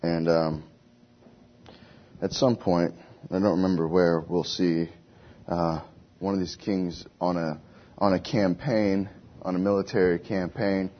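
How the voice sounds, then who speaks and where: A man's voice: deep voice, fairly even intonation, measured pace, long pauses. A man giving an informal Bible lesson, talking conversationally and often asking his listeners questions. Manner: conversational, asks the class questions. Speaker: Bible teacher. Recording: dull lo-fi recording.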